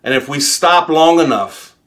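A man's voice: on the high side, animated, a little slow, fairly bright tone. A man from New York in his thirties, preaching a sermon and mixing in funny personal stories. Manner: storytelling with humor, quoting himself. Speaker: pastor.

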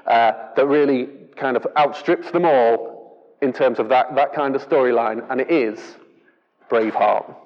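A man's voice: medium pitch, big-room sound, highs cut off. A man from England giving a casual, chatty sermon, often restarting his sentences. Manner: casual, chatty and self-deprecating, with repeated restarts. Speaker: preacher. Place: church hall.

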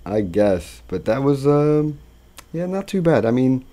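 A man co-hosting a casual chat, telling animated, profane stories about his rideshare passengers and laughing often. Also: mid-range voice, unhurried. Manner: animated, profane storytelling that acts out voices; laughs often while talking. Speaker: podcast co-host recounting rideshare driving.

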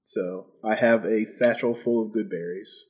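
A man talking casually as a player in a tabletop game, matter-of-fact and a little halting. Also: fairly low pitch, fairly even intonation.

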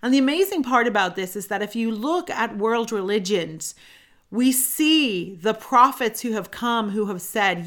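A middle-aged woman hosting a solo self-help podcast, telling a personal story in an earnest, animated way. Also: a little high, measured pace. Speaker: podcast host.

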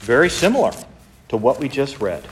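A man preaching a sermon, retelling a story in a lively way, acting out the quotes, with many restarts. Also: medium pitch, fairly quick, a little hiss or hum. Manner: animated storytelling with frequent restarts and acted-out quotes. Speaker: pastor.

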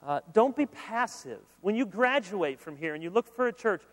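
A man preaching a sermon as pastor, conversational and animated, mixing humor with earnest appeals. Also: high-pitched, moderate pace. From Michigan, USA. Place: large conference hall. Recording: long hall reverb.

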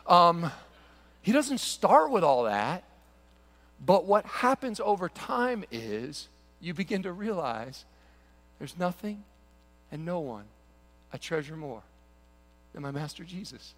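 A male pastor preaching a sermon in an animated, conversational way, often acting out stories. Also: on the high side, slow pace, long pauses. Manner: animated, conversational, storytelling with quoted voices.

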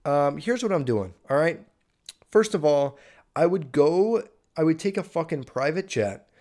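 A man's voice: on the high side, lively intonation, measured pace, a little mellow. Foul-mouthed young man rambling casually. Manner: crude, rambling and swearing freely; reading a list aloud, stumbling over words. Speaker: vlogger. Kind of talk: casual profane monologue.

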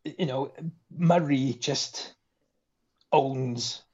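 A man's voice: medium pitch, very slow, a little mellow, husky. A man, a podcast guest chatting about a film and animatedly acting out its lines. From Wales. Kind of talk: casual film chat. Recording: dull lo-fi sound.

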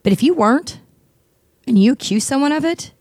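A woman's voice: high-pitched, animated, a little fast, darkish tone, no room sound, clean studio sound. A blunt, outspoken middle-aged woman hosting a casual talk show, chatting with her co-host. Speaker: podcast host. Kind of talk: casual chat.

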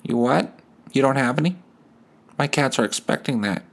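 A man's voice: mid-range voice, moderate pace, creaky, voice pushed up. A man voicing an elderly cat lady who screams and swears furiously. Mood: prim. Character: old cat-loving woman turned foul-mouthed rager.

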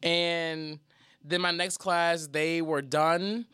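Animated, profane podcast co-host. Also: mid-range voice, very slow, clean tone, no room sound, studio quality. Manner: animated, profane, acts out quotes. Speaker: teacher. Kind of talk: casual podcast chat.

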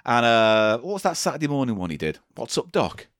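A man co-hosting a casual podcast chat, telling stories in a sardonic, animated way. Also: mid-range voice, fairly quick, no echo, studio quality. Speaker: podcast co-host.

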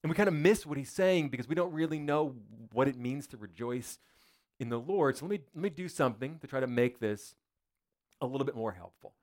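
A man's voice: mid-range voice, expressive, brisk, darkish tone. A male pastor preaching a sermon in a church, in a conversational, joking way full of rhetorical questions.

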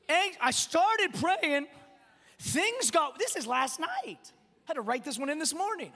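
A man's voice: extremely high pitch, big pitch swings, a little slow, pushed and bright. A man preaching as a pastor, telling a personal story with self-deprecating humor and often repeating words as he restarts sentences. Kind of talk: sermon. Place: church auditorium. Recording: long reverb in a large church hall.

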